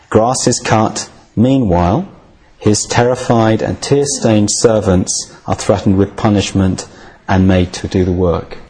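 Man lecturing with dry wry humour, low husky voice. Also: darkish tone, low-quality recording. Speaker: lecturer on Buddhism.

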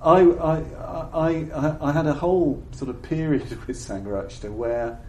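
An older man giving a reflective Buddhist dharma talk to an audience. He speaks in a halting, thoughtful way and often repeats words while he searches for the phrasing. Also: fairly high pitch, expressive, darkish tone. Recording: roomy echo with faint background noise.

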